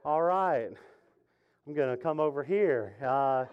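A man's voice: fairly high pitch, expressive, takes it slowly, clear, resonant tone, muffled recording. A male pastor preaching a casual, joking sermon to his congregation and asking them questions. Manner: chatty, jokey, asks the congregation questions. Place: church sanctuary with congregation.

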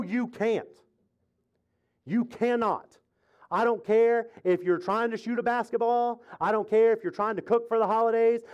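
A man's voice: high voice, darkish tone. A male pastor delivering a conversational sermon, driving points home through repetition and building to fervent exhortation. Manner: conversational preaching, emphatic repetition, rising to exhortation.

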